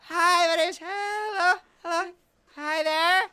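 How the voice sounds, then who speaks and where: A woman's voice: fairly even intonation, slow, bright, forceful tone, a little hiss or hum, full character voice. A man putting on the voice of his aunt, a chirpy middle-aged woman who keeps repeating eager greetings. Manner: repetitive, high and eager.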